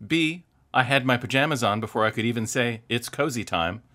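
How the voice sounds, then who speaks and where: A woman co-hosting a talk show, reading quiz options aloud in a teasing, lively way. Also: rumbling low, fairly quick. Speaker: co-host.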